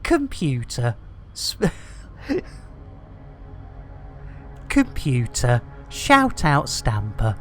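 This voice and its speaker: A man's voice: medium pitch, huge pitch swings, extremely slow, pauses often, fairly bright tone. A man livestreaming a space game, chatting casually with viewers in a cheeky, playful way and full of hammy exclamations. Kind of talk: casual chat with chat shout-outs. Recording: faint game music behind.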